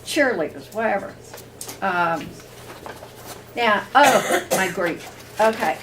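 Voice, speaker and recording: Lady teaching a class, slow and halting, lots of ums, mic far off across the room. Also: mid-range voice, lively intonation, fairly bright tone, a little hiss or hum. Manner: informal, many fillers and restarts. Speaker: workshop teacher. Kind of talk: teaching a workshop. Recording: distant room recording with faint ambience.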